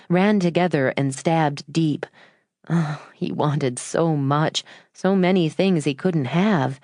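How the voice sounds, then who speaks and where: A woman narrating a family drama audiobook in a measured, unhurried, earnest reading. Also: sits low, a little mellow, no echo, studio quality.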